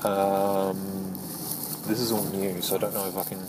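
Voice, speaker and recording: A man telling a personal story while driving, in a rambling, halting way full of restarts. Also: low voice, little pitch movement. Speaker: vlogger. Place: inside a moving car. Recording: car noise in background. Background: vehicle noise.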